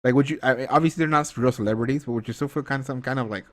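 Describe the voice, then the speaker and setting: A young man hosting a podcast, chatting casually in a rambling, profane, animated way. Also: medium pitch, rapid-fire. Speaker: podcast host. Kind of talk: casual chat.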